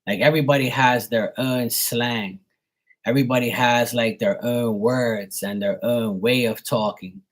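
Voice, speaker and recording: A relaxed young man with a Bermudian accent talks in a loose, rambling way, his voice sitting at an ordinary middle pitch. He drifts from point to point in casual live-stream chat, dropping the odd swear word without a second thought. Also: unhurried. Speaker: live tarot reader.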